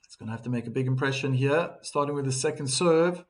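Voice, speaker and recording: A man giving live play-by-play tennis commentary on a stream, calm between points, livelier on big shots, reading viewer chat aloud. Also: mid-range voice, fast.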